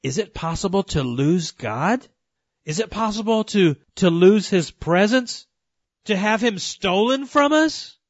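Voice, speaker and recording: High-voiced earnest male preacher. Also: animated, a little slow, no echo, muffled recording. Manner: earnest, addresses listeners as folks and friends. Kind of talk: sermon.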